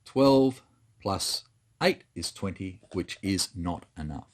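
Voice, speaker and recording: A man's voice: sits low, lively intonation, slow. A man thinking aloud and counting as he plays through a tabletop wargame, muttering to himself as he moves pieces. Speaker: board game player. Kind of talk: solo tabletop wargame playthrough commentary.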